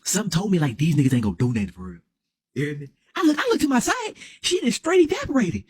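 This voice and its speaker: A young man telling a wild comedic story, dramatic and excitable, full of slang and constantly asking "you hear me?". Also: high voice, fast, breathy edge, dry recording, studio quality. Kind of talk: animated comedic story time.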